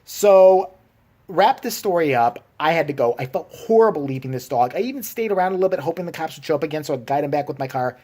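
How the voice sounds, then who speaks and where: Man ranting with a lively, swooping voice. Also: a little high. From Chicago. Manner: profane, exasperated, acts out other people's lines. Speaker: vlogger. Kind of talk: ranting storytelling.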